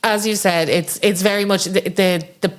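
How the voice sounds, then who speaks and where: A woman's voice: medium pitch, normal speed. A woman in casual podcast chat, animatedly retelling a reality show scene. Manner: animated storyteller, acts out quotes. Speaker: podcast guest.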